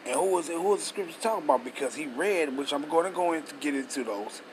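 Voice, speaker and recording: A man with a fairly high speaking voice leads a casual scripture study. He talks bluntly and curses freely, firing off rhetorical questions between readings. A faint hum sits behind him. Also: expressive, fast talker. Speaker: scripture teacher.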